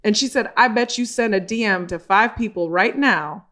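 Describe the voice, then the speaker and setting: A woman guest on a podcast, telling a story in a lively, casual way and acting out the voices of the people in it. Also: mid-range voice, normal speed. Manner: animated storyteller acting out quoted dialogue; swears casually, laughs while telling.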